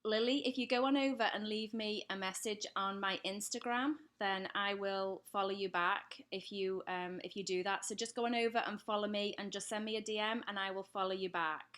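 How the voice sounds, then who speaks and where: A woman with an English accent hosts a live stream from home and talks through viewer questions one by one. Her pitch sits in a middle range, and her delivery is loose and friendly, with plenty of fillers. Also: fairly even intonation, fairly quick, hardly any pauses, a bit bright. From England. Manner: chatty, reads out viewer comments and answers them. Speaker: pet channel host. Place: home, lit by daylight.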